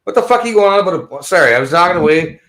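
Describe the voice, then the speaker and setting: A Canadian man hosting a podcast, high and rambling in casual, profane chat with frequent laughs. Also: expressive, very fast, fairly bright tone.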